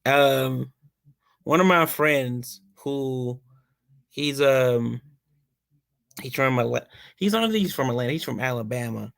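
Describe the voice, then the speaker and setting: A Philadelphia podcast host whose accent carries some Southern tinge tells animated stories full of swearing on a casual show. His medium-pitched voice is gravelly and slow with frequent pauses, recorded with no echo.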